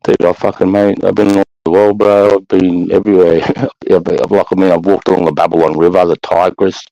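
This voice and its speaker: Dull audio with no room sound captures a low, creaky, dark male voice that barely moves in pitch and runs fairly quick. He's an Australian army veteran guesting on a casual podcast, recounting war stories bluntly with lots of swearing and repeated "mate" and "bro."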